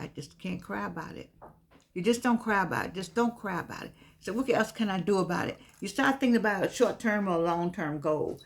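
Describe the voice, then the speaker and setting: A woman vlogging in a casual, meandering monologue that often circles back and repeats itself. Some of her words come out slightly slurred because of missing teeth. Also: on the low side. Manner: chatty, meandering, repeats herself.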